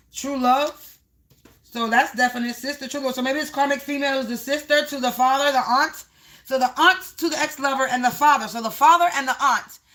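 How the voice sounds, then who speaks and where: Female tarot reader on a livestream; high-pitched, bright tone, repetitive rhyming delivery aimed at the collective. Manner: repetitive, half-rhyming, talks to the viewers as the collective.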